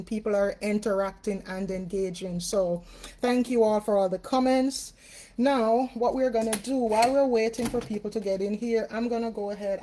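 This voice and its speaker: A woman's voice: a little high, warm tone. A woman from Jamaica with a Jamaican accent, hosting a casual live-stream at home as a spiritual reader. She chats with her viewers and greets them by name. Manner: chatty, greets viewers by name, many fillers. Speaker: spiritual reader and livestream host.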